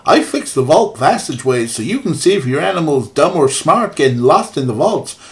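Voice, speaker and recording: A man voicing a jolly old male woodsman in a deliberately bad put-on Canadian accent, reading game text aloud. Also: fairly high pitch, very animated. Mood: hearty.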